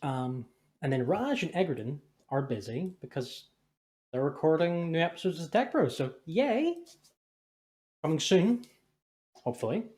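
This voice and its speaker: Rambling, jokey podcast host. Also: male voice, fairly high pitch, sing-song, a little slow, pauses often, darkish tone. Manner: rambling, jokey, swears freely. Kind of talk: casual podcast chat.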